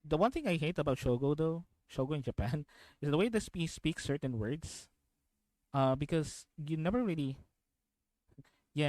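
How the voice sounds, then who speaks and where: Young filipino streamer dude rambling on, repeats stuff, laughs a lot, dry sound. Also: male voice, on the high side, dark tone, no echo, low-quality recording. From Philippines. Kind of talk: casual stream chat, reacting to videos.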